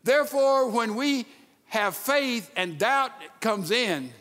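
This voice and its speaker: A high-voiced man delivers a sermon in an animated style. He acts out the quoted lines and sometimes drops to a hushed voice. His voice carries a long reverb from a large sanctuary. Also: slow pace. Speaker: pastor. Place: church sanctuary.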